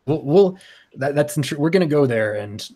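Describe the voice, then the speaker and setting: A man's voice: on the high side, animated, normal speed, warm tone. A man voicing an overconfident, self-deluded adventurer who talks in an eager, stammering rush during a tabletop role-play game. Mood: bluffing.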